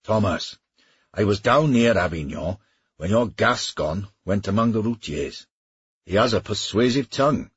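A man voicing a talkative, teasing Welsh mercenary captain in an audiobook, with a husky voice. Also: on the low side, lively intonation, unhurried, no echo, muffled recording, voice pushed up, exaggerated voice. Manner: wry, chatty, teasing. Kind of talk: audiobook character reading.

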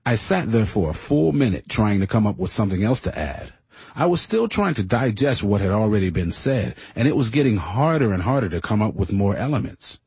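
Husky guy reading his own story out loud, earnest and thoughtful, bone-dry close mic. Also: on the low side, big pitch swings, fairly quick, no echo. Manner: reflective, earnest. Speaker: narrator. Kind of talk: first-person audiobook narration.

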